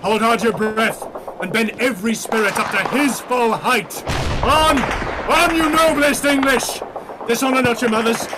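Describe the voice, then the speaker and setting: A man's voice: sits high, natural voice, poor audio. An actor playing a young English king, rousing his troops with declamatory battle speech in a live stage performance. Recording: loud battle sound effects behind.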